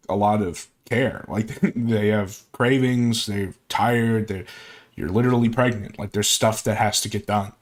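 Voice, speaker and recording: A man giving casual, sarcastic reaction commentary on a video, breaking in with incredulous asides. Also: mid-range voice.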